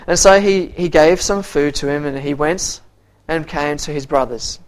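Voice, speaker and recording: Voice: medium pitch, fairly even intonation, clean tone. A teacher giving an interactive Bible story lesson, acting out characters' lines in quoted voices, quizzing the listeners, and often repeating words while searching for the next phrase. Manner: halting, with frequent repeated words.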